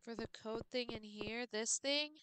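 Woman streaming a game, kinda high voice, thinking out loud, mumbly. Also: normal speed, noisy background. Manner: mutters and thinks aloud while puzzling. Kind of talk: casual gameplay commentary.

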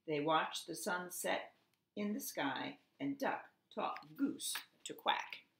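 Slow, gravelly-edged woman reading aloud. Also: low-pitched, a little hiss or hum. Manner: slow, expressive storytelling. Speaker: preschool teacher. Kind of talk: storybook read-aloud. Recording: echoey room.

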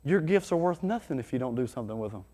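A man preaching a sermon as pastor, conversational and energetic, with sudden loud bursts. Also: mid-range voice, fast. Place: church hall. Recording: long hall reverb.

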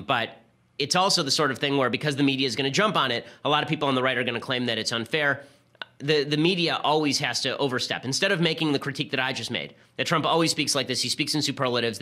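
A male political talk host speeding through a monologue in a bright, forceful voice. He argues sharply and leans on sarcasm, stacking one point on the next without slowing down. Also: mid-range voice. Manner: rapid-fire, sarcastic, argumentative.

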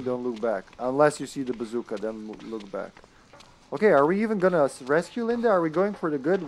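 A man giving casual live commentary while playing an online co-op game, thinking aloud and laughing, with sudden excited outbursts. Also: mid-range voice, a little hiss or hum.

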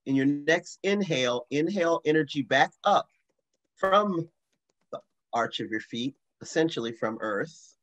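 Man guiding a grounding meditation. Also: a little high. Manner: slow, soothing guidance with bursts of excitement. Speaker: facilitator.

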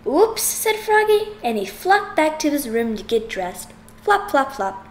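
A woman reading a children's picture book aloud, expressive and sing-song. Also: fairly high pitch, a little slow, roomy sound. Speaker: audiobook reader. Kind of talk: children's story read aloud.

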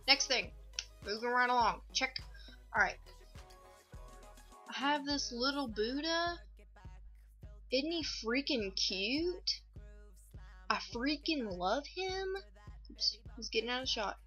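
A woman's voice: on the high side, bright, forceful tone. A young woman talking casually in a rambling, goofy and profane show-and-tell vlog, full of fillers. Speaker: vlogger.

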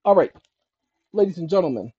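A channel host whose voice sits high and slightly rough explains legal procedure to viewers, animated and a little fast, on a dull, dry lo-fi recording. Emphatic and conversational, he addresses them as ladies and gentlemen and thinks aloud while looking through documents.

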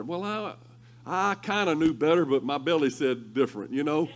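A male pastor preaching a sermon through lively, humorous storytelling. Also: fairly high pitch, normal speed. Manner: animated, humorous storytelling with laughter.

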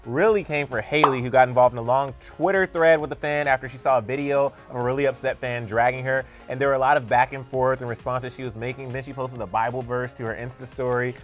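A young adult man co-hosting a casual celebrity news show, relaxed and conversational, chiming in with quick agreement. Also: medium pitch, faint music behind. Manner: relaxed, conversational, frequent "yeah" and "mm-hmm". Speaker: entertainment news co-host.

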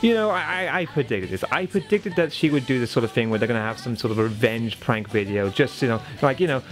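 A man's voice: very animated, fast, hardly any pauses, soft background music. A man in his twenties giving sarcastic, profane reaction commentary on a video he is reviewing. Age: 20s. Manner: mocking, profane, swings pitch for sarcasm.

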